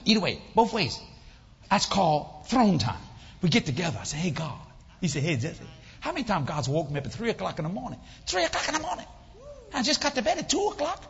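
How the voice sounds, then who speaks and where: An older man with a high, gravelly voice and a breathy edge preaches to a congregation in a church hall. His storytelling is animated, full of acted-out voices and jokes with the audience. A long reverb tail follows him, and the highs are cut off.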